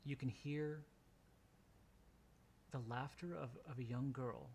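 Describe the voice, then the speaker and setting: A man's voice: medium pitch, fairly even intonation, slow pace, creaky, a little mellow. A man running a tabletop role-playing game as game master, narrating loosely with lots of "kinda" and "like".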